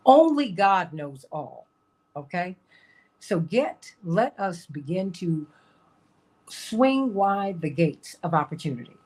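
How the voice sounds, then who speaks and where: A woman's voice: lowish voice, expressive, measured pace, darkish tone, husky. A woman hosting a talk show, talking casually and emphatically, repeating her points and laughing often.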